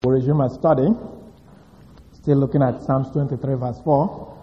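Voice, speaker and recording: A man's voice: mid-range voice, fairly even intonation, normal speed, dark tone. Man preaching in a reverberant hall. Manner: emphatic, stresses single words. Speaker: pastor. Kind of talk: sermon. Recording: dull reverberant hall recording.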